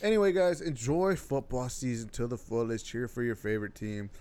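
A man's voice: mid-range voice, fairly quick, a little mellow, clear, resonant tone. A man hosting a casual podcast chat, talking bluntly and swearing freely as he rants. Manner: profane, blunt, ranting. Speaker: podcast host.

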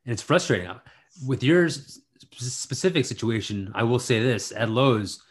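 Male podcast co-host, mid-pitched, jokey and punning. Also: animated, moderate pace, husky. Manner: playful, punning, repeats phrases as a running gag. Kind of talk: casual chat.

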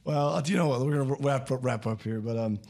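Relaxed male podcast host, jokey and casual, calls his guest "dude". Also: mid-range voice, fast talker, creaky. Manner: laid-back, jokey, says "dude" a lot.

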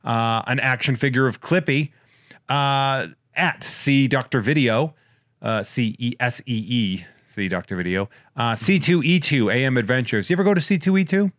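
A man hosting a podcast, rambling and joking as he reads out listener shout-outs in casual chat. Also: mid-range voice, normal speed, no room sound, studio quality. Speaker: podcast host.

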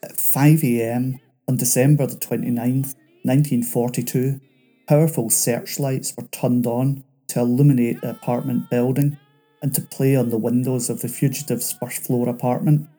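A man reading a scripted true-crime narration in a measured, dramatic way. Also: medium pitch, little pitch movement, dark tone, faint music behind.

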